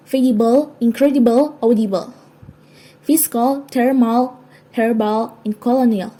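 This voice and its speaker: A woman's voice: on the high side, mellow, poor audio. A woman reading a class presentation, carefully listing example words. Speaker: student presenter.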